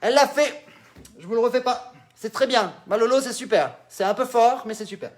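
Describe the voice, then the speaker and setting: High-voiced French man teaching accordion. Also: fast. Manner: animated, demonstrative, mixes in French words. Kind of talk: live-stream music lesson.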